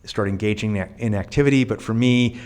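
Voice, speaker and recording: A man talks through his answers in a casual interview. His delivery is earnest and reflective, full of small restarts. His voice sits a little low. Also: brisk, darkish tone. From New York. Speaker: guest, volunteer.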